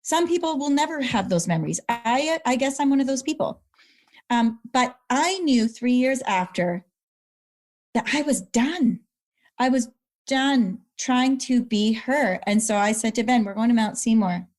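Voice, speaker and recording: Middle-aged woman guest, higher voice, earnest, heartfelt storytelling. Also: unhurried. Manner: earnest, animated, repeats words when moved. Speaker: guest, brain injury survivor. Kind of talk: emotional personal storytelling.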